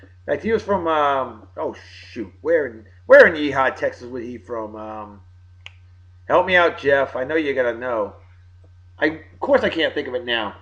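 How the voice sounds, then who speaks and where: A man hosting a casual solo show, rambling through shout-outs to friends and bursting into loud wrestling catchphrases now and then. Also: mid-range voice, expressive, moderate pace, dull audio. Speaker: podcast host.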